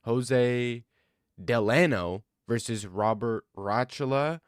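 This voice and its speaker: A man giving casual MMA commentary, thinking out loud and rambling, then breaking into excited rants. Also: mid-range voice, takes it slowly, clean tone, dry recording, clean studio sound. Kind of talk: casual fight-card commentary.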